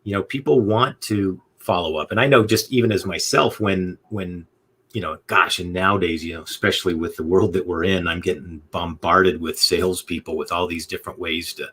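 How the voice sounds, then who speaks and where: Deep husky male podcast host. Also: brisk. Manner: relaxed, rambling, full of "you know" fillers. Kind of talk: casual interview chat.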